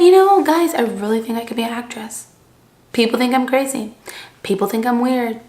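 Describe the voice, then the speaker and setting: A woman's voice: fairly high pitch, a bit bright. A young woman vlogging to camera, chatting casually and rambling with lots of "like", seated indoors and recorded on the camera mic. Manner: chatty, rambling, heavy use of "like". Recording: echoey room.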